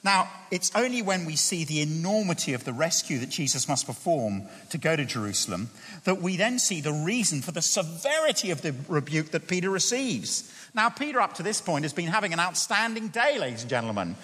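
A man preaching a sermon, reading scripture aloud with emphatic, animated delivery. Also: on the high side, brisk. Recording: long hall reverb.

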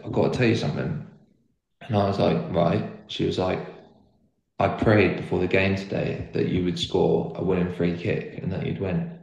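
A man's voice: on the low side, darkish tone. A young man telling a personal story in casual chat, rambling and earnest, with lots of filler words. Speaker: guest footballer. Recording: roomy echo.

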